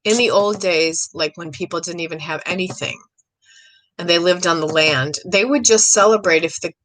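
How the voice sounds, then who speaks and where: A middle-aged woman hosting a live psychic reading stream, chatty and rambling, excitable, often clearing her throat. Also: sits low, low-quality recording. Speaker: psychic medium host.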